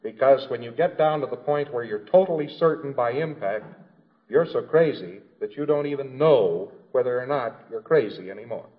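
A man's voice: medium pitch, lively intonation, moderate pace, narrow, tinny audio. A man giving an informal lecture in a conversational, wry storytelling manner, slipping into quoted voices.

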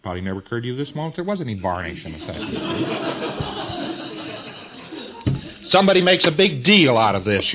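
Male lecturer, mid-pitched, folksy and emphatic, on a muffled lo-fi recording. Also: a bit bright. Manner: folksy and emphatic, with slang and repetition. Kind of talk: informal lecture.

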